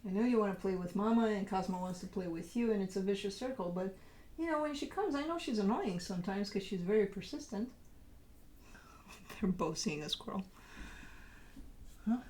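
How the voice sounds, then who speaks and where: A woman's voice: medium pitch, moderate pace, long pauses, warm tone, reverberant. Woman host, casual home chat, coos baby talk at pets, laughs a lot, mid-range voice. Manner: cooing baby talk, laughing, sometimes whispering. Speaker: tarot reader host. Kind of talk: casual chat talking to her dogs.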